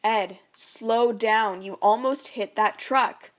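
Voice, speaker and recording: A woman's voice: fairly high pitch, takes it slowly. Give me a frantic mother pleading urgently, read by a woman narrating her story.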